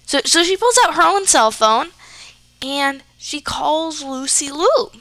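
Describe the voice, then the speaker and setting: Animated young woman telling a rambling story. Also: high-pitched, slow, no room sound. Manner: rambling, many fillers and restarts, animated. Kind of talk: casual spoken storytelling.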